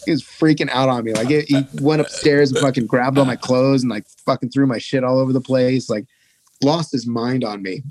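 A man's voice: mid-range voice, fairly even intonation, brisk, darkish tone, a little hiss or hum. Profane rambling man telling road stories. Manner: profane, rambling, laughing storyteller. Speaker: touring musician guest. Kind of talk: casual storytelling.

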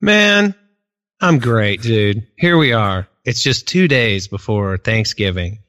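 A man's voice: on the low side, animated, slow pace, bright, forceful tone. A man co-hosting a casual podcast chat, laid-back and jokey. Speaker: podcast co-host.

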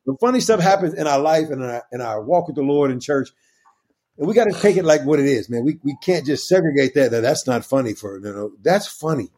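Pastor guy on a podcast, high husky voice, swings all over when he laughs. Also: quick pace. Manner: animated, bursts into high laughing shouts. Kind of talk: casual storytelling chat.

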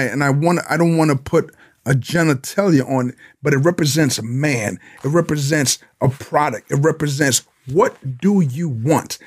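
A man from Honduras speaks as a police sergeant in an interview, his slightly high voice pressing the same questions again and again. He drives his points hard and breaks into little acted-out exchanges. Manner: emphatic, repeats questions, acts out mock dialogue. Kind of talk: animated interview talk.

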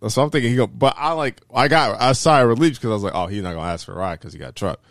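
A young man co-hosting a podcast, telling a story in a lively, animated way, jumping into high voices for the people he quotes and laughing mid-sentence. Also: racing, no room sound, studio quality. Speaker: podcast co-host. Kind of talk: casual storytelling chat.

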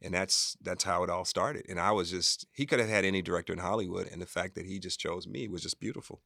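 A man, a film director being interviewed, telling stories in a lively, animated way and acting out what people said. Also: sits low, fast, gravelly, dry recording, studio quality. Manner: animated, acts out quoted voices. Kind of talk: casual interview storytelling.

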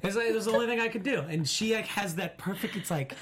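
A woman hosting a casual recap chat, reading out viewer comments and acting out quotes in an animated way. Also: medium pitch, quick pace, husky. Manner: animated, acts out quotes from the show. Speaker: podcast host.

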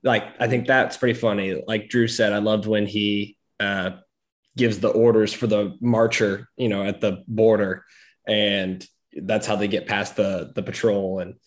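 A man in a casual movie discussion, easygoing and hesitant, pausing on "uh" and "you know". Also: fairly low pitch. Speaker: podcast co-host.

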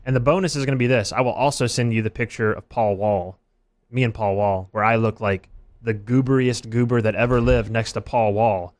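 A man hosting a casual sports podcast, talking in quick, animated bursts and joking at his own expense. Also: fairly low pitch. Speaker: podcast host.

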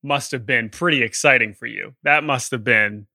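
A man's voice: medium pitch, moderate pace, creaky, bright, forceful tone, no echo. A man co-hosting a podcast interview, chatty and full of enthusiastic exclamations. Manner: enthusiastic, exclamatory, praising the guest. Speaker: podcast co-host. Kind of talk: casual interview chat.

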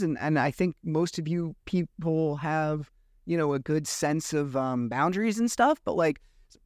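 A man's voice: on the high side, no echo, clean studio sound. A man hosting his own podcast, telling a story in a casual monologue, acting out the dialogue as he vents his frustration. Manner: animated storytelling, acts out dialogue; frustrated, venting. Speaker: podcast host.

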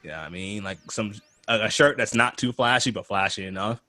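A man co-hosting a casual podcast chat, animated and loose, swearing, laughing often and restarting his sentences. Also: on the low side, fairly quick. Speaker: podcast co-host.

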